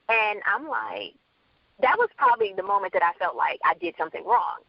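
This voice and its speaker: A woman's voice: fairly high pitch, very animated, normal speed, creaky, dry recording, highs cut off. A woman from the Bronx, an author guest, telling her story candidly in an interview and acting out quoted dialogue. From Bronx, New York.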